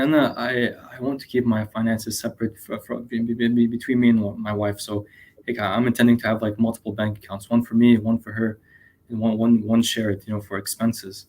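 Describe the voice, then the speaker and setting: Young man, caller, from Lebanon, halting, repeats words, Arabic fillers. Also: mid-range voice, flat delivery, a little mellow. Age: 20s. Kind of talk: call-in question.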